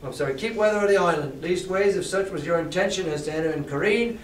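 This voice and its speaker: A man's voice: high voice, fast, far from the mic, slight background noise, close to an everyday voice. A man reading aloud voices an old one-legged pirate cook who drawls in friendly, sly sailor talk. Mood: hearty. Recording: roomy classroom echo from afar.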